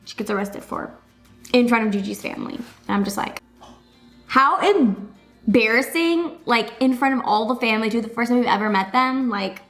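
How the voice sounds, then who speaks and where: Chatty woman with a higher voice. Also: moderate pace, a bit bright, soft background music. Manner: chatty, full of "like" and "you know" fillers. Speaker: vlogger reviewing a TV episode. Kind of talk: casual recap chat.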